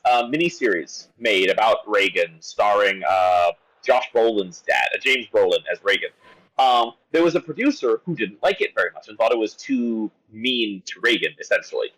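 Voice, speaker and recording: A man's voice: medium pitch, a little fast, poor audio. A man on a podcast giving an exasperated critique of a film, talking with lots of restarts and stumbles. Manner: animated, exasperated rant with many restarts. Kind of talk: casual podcast discussion.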